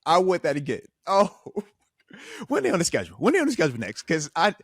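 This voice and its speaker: A man hosting casual sports talk, animated and emphatic, repeating himself when he gets worked up. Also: fairly high pitch, a little fast, heavy background noise. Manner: animated, frustrated, emphatic repetition. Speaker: podcast host, former linebacker.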